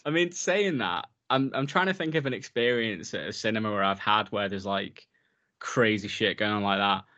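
A man's voice: on the low side, moderate pace, sharp tone, lo-fi sound. A man in his thirties co-hosting a casual film podcast, enthusiastic and rambling with lots of fillers. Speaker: podcast co-host.

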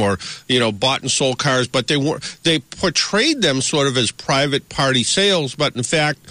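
A man's voice: mid-range voice, pushed and bright, no room sound. A man hosting a car talk radio show, chatting loosely with a guest and leaning on fillers. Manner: chatty, rambling with many "you know" fillers. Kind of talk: casual radio interview.

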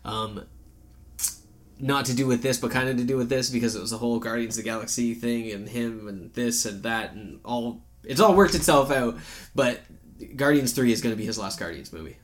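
A man's voice: mid-range voice, brisk. A man co-hosting a casual podcast chat, rambling and joking, with plenty of swearing. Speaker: podcast co-host.

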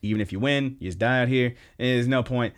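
A man hosting a podcast, recapping episodes in a rambling, animated way and swearing casually. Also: medium pitch, brisk. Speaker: podcast host.

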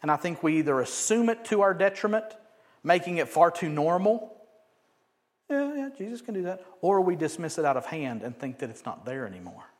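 A man preaching a sermon, animated, swinging from loud emphatic bursts to quiet joking asides. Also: a little high, fairly quick. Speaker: pastor.

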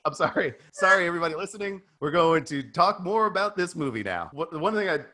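Male podcast host, bright tone, loose chatty delivery with tangents. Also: fairly high pitch, expressive, fast talker. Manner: chatty, tangents, laughs often, repeats words. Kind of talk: casual movie podcast chat.

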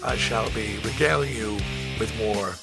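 A middle-aged man hosting his own show, telling a road story in a blunt, profane, animated way. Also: lowish voice, a little slow, vocal fry, over music. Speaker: host. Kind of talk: storytelling monologue.

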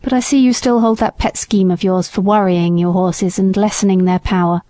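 A woman voicing a stern, principled gentleman who owns horses, speaking gravely and reprovingly. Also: mid-range voice, steady tone, moderate pace, lightly acted. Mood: frank.

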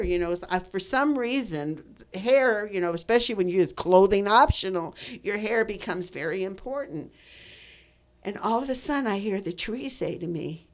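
A woman's voice: mid-range voice, animated, moderate pace. A woman in her eighties hosting a radio talk show from the studio, telling a personal story in a rambling, chatty way with many fillers and restarts. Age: 80s.

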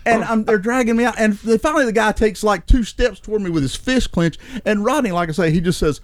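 A man's voice: high-pitched, fast, dry recording. A middle-aged man, a regular guest, telling a story in casual chat and acting out what he said with rising emphasis. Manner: animated, acts out his own lines with rising emphasis, repeats "I said". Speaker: recurring podcast guest, storyteller.

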